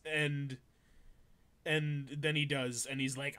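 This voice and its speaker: A man jokes through an anime episode with a friend, reading subtitles in mock voices. His voice sits a little high and sounds very bright and cutting. He is sarcastic and swears freely. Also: level tone, slow pace. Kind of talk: casual riffing over an anime, doing voices.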